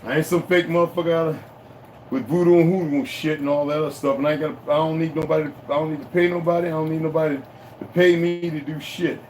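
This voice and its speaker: A man's voice: fairly high pitch, level tone, quick pace, a little mellow, slight background noise. A man hosting his own channel, mixing a blunt, profane rant with reading a text aloud, recorded at home. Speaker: channel host.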